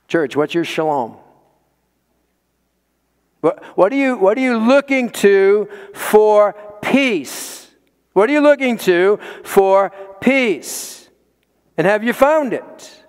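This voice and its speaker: High-voiced pastor preaching in a reverberant hall. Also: male voice, animated, slow pace, clear, resonant tone. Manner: emphatic, repeats words for stress, rising to pointed questions. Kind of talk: sermon.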